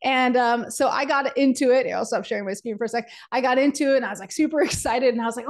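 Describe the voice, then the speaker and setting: Animated woman coaching on a webinar. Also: on the high side, quick pace, few pauses. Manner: animated, chatty, many "like"s and acted-out quotes; addresses the audience directly. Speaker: webinar co-host and business coach. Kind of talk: energetic storytelling presentation.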